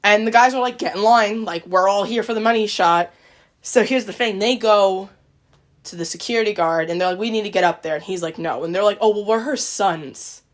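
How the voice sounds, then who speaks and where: A woman's voice: medium pitch, brisk. Woman rambling through a retelling. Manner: rambling retelling, with many likes and quoted voices. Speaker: podcast host. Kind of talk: casual chat.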